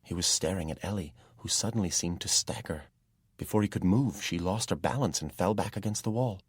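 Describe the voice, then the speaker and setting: A man reading a dark fantasy audiobook in steady, measured first-person narration, recorded on a close microphone. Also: deep voice, husky, dry recording.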